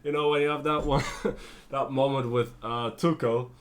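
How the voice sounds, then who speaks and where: A tired man giving a casual spoken TV review, rambling with lots of fillers and self-corrections and slipping into quick character impressions. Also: mid-range voice, fairly even intonation. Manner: breaks into brief character impressions. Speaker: TV show reviewer.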